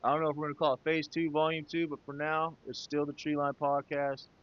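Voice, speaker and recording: A man's voice: a little high, completely flat delivery, fast talker, fairly bright tone, dull audio. A man in his late thirties hosting his own podcast, talking casually and from the heart, swearing freely and calling listeners man and brother. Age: 30s. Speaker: podcast host. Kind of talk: casual solo talk.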